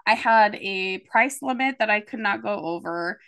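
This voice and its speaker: A woman with a medium-pitched voice speaks at a moderate pace while hosting a laid-back podcast. She's an animated storyteller who dramatizes the quotes she relays.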